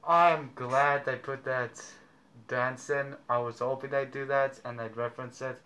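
A man's voice: mid-range voice, fairly even intonation, measured pace, noisy background. A man hosting a reaction video, talking casually and offhand in rambling remarks, muffled through a costume mask. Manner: rambling, offhand commentary with fillers. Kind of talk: casual chat.

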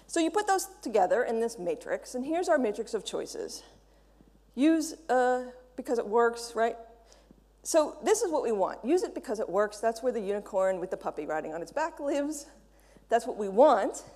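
A woman giving a conference talk, playful and animated, with a long echo from a large hall. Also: a little high, moderate pace. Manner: animated, playful, quotes others in mock voices. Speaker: conference speaker.

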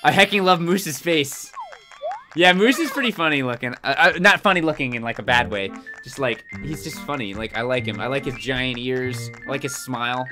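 A man's voice: medium pitch, animated, normal speed. A young man live-streaming a game from home, chatty and goofy as he thanks viewers and reacts to chat. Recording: game music behind the voice.

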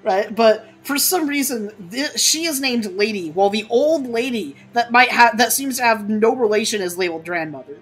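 A woman's voice: on the high side, expressive, moderate pace, hardly any pauses. A woman playing a video game with a friend, chatty and giggly in casual let's play chat. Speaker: gamer. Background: game music.

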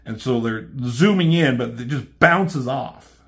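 A man's voice: medium pitch, animated, measured pace. A man casually recapping a comic book, profane and offhand, with a mocking edge as he quotes the characters.

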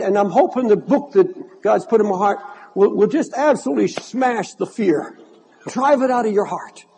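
A man's voice: extremely high pitch, mellow, slight background noise, rough recording. An older man preaching a sermon, impassioned and repeating words as he presses his point. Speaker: pastor.

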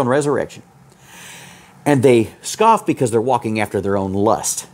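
A man preaching a sermon as pastor, fiery, swinging from loud peaks to low asides. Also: breathy edge.

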